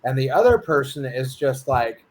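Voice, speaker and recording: A man's voice: medium pitch, lively intonation, normal speed, a little mellow. A man co-hosting a casual chat, telling a long story and acting out the quotes along the way. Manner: rambling, storytelling with acted quotes. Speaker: co-host.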